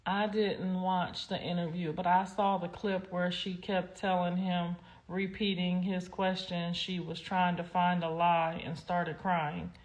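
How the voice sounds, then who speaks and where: A woman ranting on a casual livestream, blunt and heated, swearing freely and swinging between loud outbursts and low mutters. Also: level tone, unhurried, hardly any pauses.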